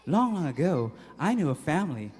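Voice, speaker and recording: A man tells a children's story live, playful and interactive. His voice sits fairly high and swings widely in pitch. A long hall reverb trails behind his words. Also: brisk. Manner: playful, animated, audience-interactive.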